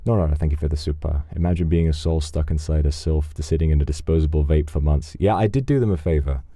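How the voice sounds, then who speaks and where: A man's voice: very deep voice, quick pace, no echo, studio quality. A man streaming, casually reading out donations in a teasing, flirtatious, rambling way. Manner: relaxed, rambling, with fillers.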